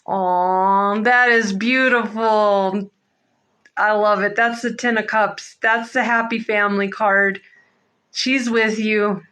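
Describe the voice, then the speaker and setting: Slow, emotional woman reading tarot. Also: mid-range voice, steady tone, a bit bright, clear, resonant tone, poor audio. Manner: slow, emotional, halting with many fillers. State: near tears. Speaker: psychic reader. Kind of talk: live-streamed tarot reading.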